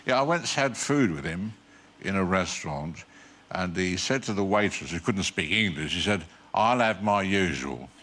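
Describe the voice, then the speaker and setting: A man's voice: low voice, expressive, normal speed, fairly bright tone. An older man, a guest actor on a TV talk show, telling wry anecdotes in a dry, chuckling way. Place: TV studio with live audience.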